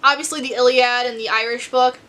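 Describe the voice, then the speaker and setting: A woman's voice: fairly high pitch, steady tone, a little fast, bright, forceful tone. An American woman in her twenties, chatting to camera at home about her unread books in a rambling, self-deprecating way. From United States. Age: 20s. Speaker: book vlogger. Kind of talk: casual chat to camera.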